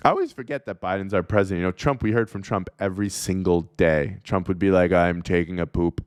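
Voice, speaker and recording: A man's voice: deep voice, fast talker, no room sound, clean studio sound. A man hosting a comedy show, riffing sarcastically through a monologue and laughing at his own jokes. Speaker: comedian host.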